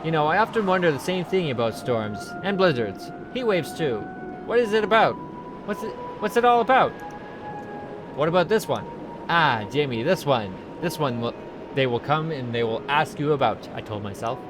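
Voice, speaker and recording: A man's voice: fairly high pitch, very animated, normal speed, over music. A man voicing a chipper, scatterbrained woman tourist officer who rambles in an overly formal way. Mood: flustered. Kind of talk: reading game dialogue aloud.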